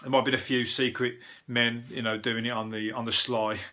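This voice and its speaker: A man's voice: medium pitch, level tone, a little fast, sharp tone. A middle-aged man with a Birmingham accent, a comedian and podcast host rambling through the news in a casual solo chat, swearing freely and laughing at his own jokes.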